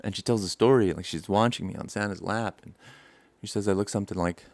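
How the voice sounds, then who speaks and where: Young male vlogger, deep gravelly voice, dry close sound, animated rambling storyteller. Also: fast, no echo. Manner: rambling, animated, laughs often, acts out scenes. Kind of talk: casual storytelling to camera.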